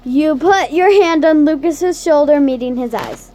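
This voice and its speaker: A woman narrating a second-person interactive story in a soft, unhurried storytelling manner. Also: high voice, a little hiss or hum.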